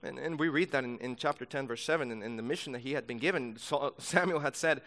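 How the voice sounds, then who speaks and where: A man's voice: medium pitch, quick pace, few pauses, fairly bright tone. A man teaching a sermon-style Bible lesson to young people, emphatic and insistent, repeating key words for force.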